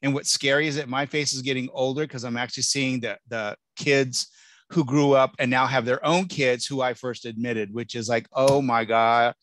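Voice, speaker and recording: A man in his sixties, a college admissions officer, giving a casual, chatty keynote talk with self-deprecating asides and halting restarts. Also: medium pitch, steady tone, a bit bright, no room sound.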